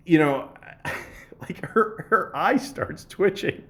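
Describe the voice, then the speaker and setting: A man's voice: sits high, lively intonation, slow, fairly bright tone. A man hosting a podcast, telling a story casually with laughs, swearing and many restarts. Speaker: podcast host.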